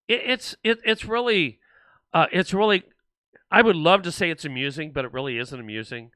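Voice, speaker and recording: A man's voice: fairly high pitch, normal speed, clear, resonant tone, no echo. A man hosting a livestream, ranting sarcastically about politics and reading out viewer comments. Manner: animated and sarcastic, mocking other voices. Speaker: livestream show host.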